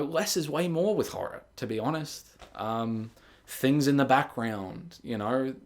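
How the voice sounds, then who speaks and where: A man giving a casual spoken movie review, sarcastic and exasperated, often jumping into high mocking voices to act out scenes. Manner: animated, jumps into high mocking voices for quotes.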